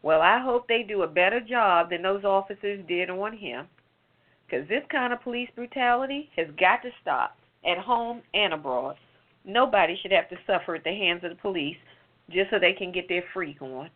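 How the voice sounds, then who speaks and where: A woman's voice: mid-range voice, animated, normal speed. A woman giving a heated, sarcastic commentary on a late-night talk show, firing off rhetorical questions. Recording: phone-like narrow sound.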